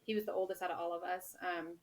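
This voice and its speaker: A woman's voice: fairly low pitch, fairly even intonation, fast talker, poor audio. A young adult woman, a book author and guest on a podcast, telling stories in a chatty way and laughing often. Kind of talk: casual podcast interview.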